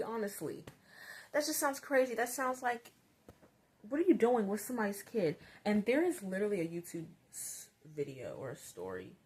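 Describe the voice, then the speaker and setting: Woman, breathy voice, casual storytime vlog, rambling, chatty. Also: fairly high pitch. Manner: chatty, rambling, many "like"s, grows animated. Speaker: storytime vlogger.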